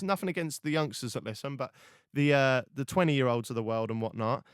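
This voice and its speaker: A man's voice: mid-range voice, brisk, clear, resonant tone, no room sound, clean studio sound. A young man hosting a podcast, telling stories animatedly with swearing and many restarts. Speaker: podcast host. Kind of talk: casual podcast chat.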